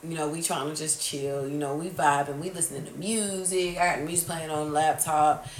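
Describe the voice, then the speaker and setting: A woman's voice: low-pitched, fairly quick. Young woman in her 20s chatting on a podcast, cussing, acting out the drama, roomy sound, far off the mic, a bit of hiss. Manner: animated storyteller, swearing freely, acts out quoted outbursts. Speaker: podcast host. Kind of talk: casual chat. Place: room at a kitchen table.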